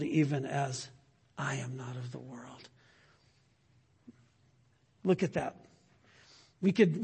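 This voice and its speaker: Husky high-voiced preacher man. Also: in a large hall. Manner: preaching with wide swings from loud emphasis to hushed asides. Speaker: pastor. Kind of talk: sermon.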